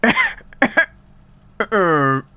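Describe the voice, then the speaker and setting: A man's voice: high voice, huge pitch swings, very slow, bright, forceful tone, no room sound. A man streaming from home, chatting casually to his viewers in a rambling, stammering way that keeps interrupting itself. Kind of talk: casual live-stream chat.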